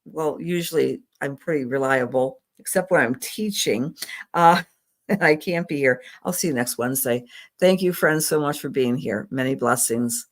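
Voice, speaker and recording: A middle-aged woman with a bass voice, speaking at normal speed, gives psychic readings as an astrologer on a live stream. She comes across as affectionate and rambling, leaning on plenty of filler words.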